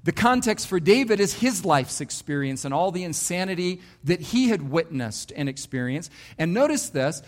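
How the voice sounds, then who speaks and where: A man's voice: high voice, big pitch swings, moderate pace, hardly any pauses. A man, a pastor, preaching a sermon and telling his own story with emphatic, varied delivery.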